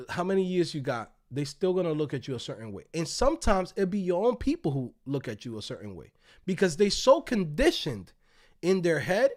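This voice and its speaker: A man hosting a livestream, telling a story in casual, profane, swaggering talk and acting out the other people's lines. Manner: acts out quoted voices in a raised pitch. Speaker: host. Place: Tampa, United States.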